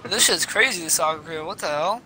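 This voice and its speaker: A man chatting with friends while gaming, excitable and swearing a lot. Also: on the high side, a little fast, slight background noise, rough recording. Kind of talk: casual gaming chat. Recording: voice chat with loud music behind.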